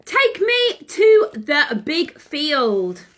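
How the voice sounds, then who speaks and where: A lazy, cheeky young owl voiced by a woman shrieks in a very high, swooping voice. He yells with excitement, and the lines come slowly and drawn out, as in a children's storybook. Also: heavily acted. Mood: excited. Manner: shrill, excited yelling.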